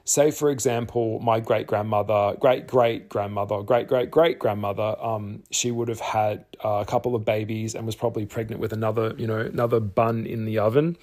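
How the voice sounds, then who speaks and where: A man's voice: lowish voice, flat delivery, normal speed, hardly any pauses, darkish tone. An Australian man talking candidly to the camera, earnest and rambling, often repeating phrases for emphasis. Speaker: tarot artist and vlogger.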